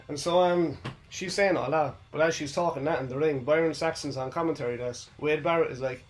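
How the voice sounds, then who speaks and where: A young man hosts a loose, casual wrestling recap. His voice sits a little higher than most men's. He rambles from point to point and keeps tagging his sentences with "you know what I mean". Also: fairly quick. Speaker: host.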